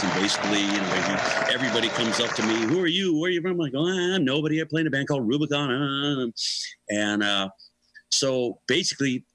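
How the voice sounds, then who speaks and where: A man's voice: mid-range voice, sharp tone, dry recording, poor audio. A middle-aged or older man, a guest musician, telling a long story in an interview, acting out the voices of the people he quotes and laughing often.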